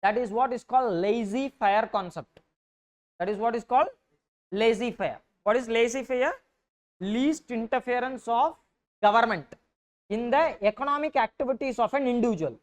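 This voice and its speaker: A woman's voice: fairly high pitch, normal speed. A woman with a Tamil-influenced Indian English accent giving a classroom economics lecture. She dictates notes, repeats key points, and keeps asking whether the students are following. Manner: dictates notes, then explains. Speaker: economics teacher.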